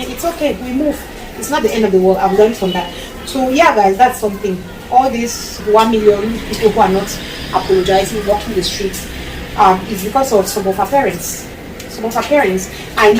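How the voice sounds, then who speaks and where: Medium in pitch, her voice comes through roomy and distant, surrounded by loud background noise. She's a Cameroonian mom vlogger offering casual parenting tips to the camera, repeating herself emphatically and slipping into Pidgin.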